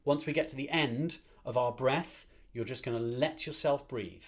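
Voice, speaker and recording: A man's voice: mid-range voice, normal speed. Male choir conductor, streamed rehearsal; encouraging, upbeat coaching with counted breathing. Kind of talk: online choir rehearsal and warm-up. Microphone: streamed to a screen.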